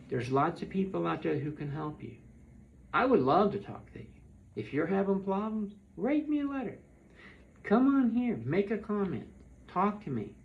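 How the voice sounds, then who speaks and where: Man, earnest direct-to-camera monologue, pleading, gravelly, slightly high voice, dull lo-fi sound. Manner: pleading and heartfelt, repeats words. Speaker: vlogger.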